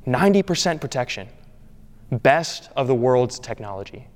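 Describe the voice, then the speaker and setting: A man's voice: mid-range voice, very animated, moderate pace. A man preaching a sermon as pastor, earnest and emphatic, leaning on repeated phrases. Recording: long hall reverb.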